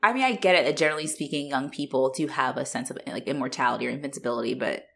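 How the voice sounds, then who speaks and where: A young woman co-hosting a casual chat about a horror movie, animated and profane, laughing often. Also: very deep voice, rapid-fire, creaky. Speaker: podcast co-host.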